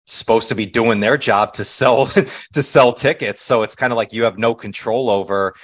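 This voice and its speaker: A man's voice: mid-range voice, normal speed. A man hosting a podcast who reacts to his guest in a rambling way, with many fillers. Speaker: podcast host. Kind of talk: casual interview chat.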